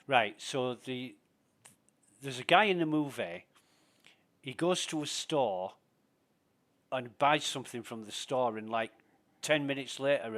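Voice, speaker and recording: A man's voice: mid-range voice, unhurried, long pauses, a bit bright. A man streaming a game and chatting casually with a friend, telling long stories with plenty of swearing. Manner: rambling storyteller, swears freely. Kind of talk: casual voice chat while gaming.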